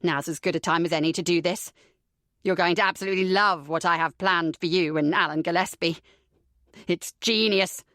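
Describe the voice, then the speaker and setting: A woman's voice: fairly low pitch, fairly even intonation, normal speed, a bit bright, dry recording, clean studio sound, voice pushed down, close to an everyday voice. A woman voicing a sneering cruel young man. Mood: menacing. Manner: contemptuous, taunting, foul-mouthed. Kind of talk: audiobook character reading.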